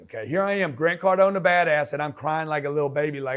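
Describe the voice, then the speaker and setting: A man's voice: fairly high pitch, fast talker. A middle-aged man giving a blunt, pushy motivational talk in slangy street language. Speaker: business speaker.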